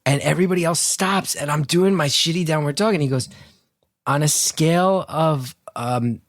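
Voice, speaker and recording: On the high side and at normal speed, this man's voice comes through dry and clean, with studio sound. A North Jersey guest co-host on a video-call podcast, he tells a lively story, voicing its characters and cursing freely.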